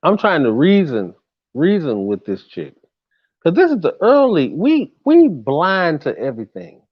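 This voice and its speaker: A man recounts a story from tour, casual and animated, peppering it with slang and curses and now and then shouting the lines he's quoting. His voice is on the high side, and the sound is lo-fi.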